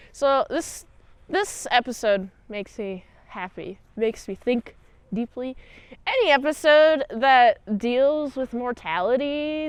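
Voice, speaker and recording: A woman's voice: a little high, clean tone, no echo. A woman hosting a casual recap and review, rambling and jokey with lots of asides and "like"s. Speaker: show host, episode reviewer.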